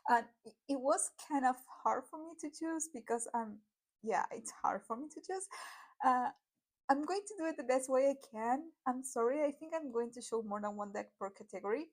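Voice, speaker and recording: A woman's voice: high voice, moderate pace. A woman from Argentina with an Argentine Spanish accent, Spanish as her first language, chatting casually through a tarot deck vlog, full of fillers and little apologies. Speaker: tarot YouTuber.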